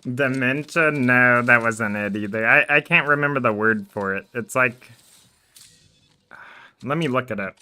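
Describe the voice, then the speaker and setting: Speaking a little slowly at medium pitch, a streamer's voice comes across bright, forceful, clear and resonant on a desk microphone. He chats casually and rambles while playing, laughing frequently.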